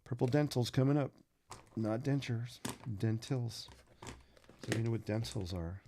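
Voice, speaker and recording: A man's voice: medium pitch, moderate pace, background noise. A man hosting a live drawing stream, chatting casually and playfully with viewers and making puns as he sketches.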